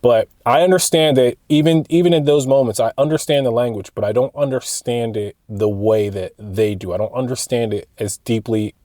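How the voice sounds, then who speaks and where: A young man tells a story in a loose, rambling vlog monologue, full of fillers and false starts. His voice is mellow and dark. The sound is dry and close. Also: mid-range voice, normal speed, few pauses, no echo. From United States. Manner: rambling, animated retelling with frequent fillers and restarts. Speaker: vlogger.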